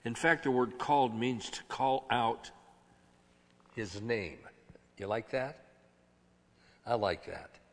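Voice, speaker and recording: A man preaching a sermon, swinging from hushed, low phrases to loud shouted ones and drawing key words out slowly. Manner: slow, drawn-out emphasis on key words. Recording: long reverb of a large hall.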